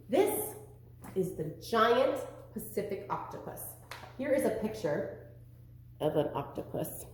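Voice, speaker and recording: A woman teaching an online preschool lesson, encouraging and animated, with a sing-song delivery, in a very echoey room away from the mic. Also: on the low side, far from the mic.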